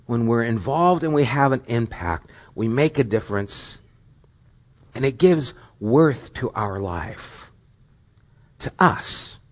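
A man's voice: medium pitch, expressive, takes it slowly. A middle-aged male pastor delivering a sermon in a mid-range voice. He speaks earnestly and keeps posing questions, building to rising, emphatic stretches.

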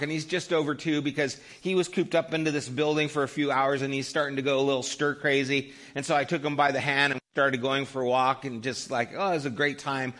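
A man's voice: mid-range voice, a bit bright. A man in his fifties, a pastor preaching a sermon in a conversational storytelling way, often checking in with "right?".

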